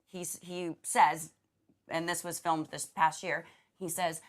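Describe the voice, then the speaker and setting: Woman, chatty co-host, slightly low voice, casual podcast talk. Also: little pitch movement, takes it slowly. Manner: chatty, retelling scenes in quoted voices. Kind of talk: casual chat.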